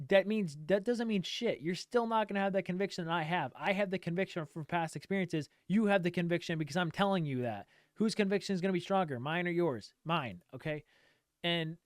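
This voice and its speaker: Ranting man with a smooth voice. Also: a little high, dry recording, clean studio sound. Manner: emphatic, repetitive, swears casually. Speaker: trading streamer. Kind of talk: direct-to-camera rant.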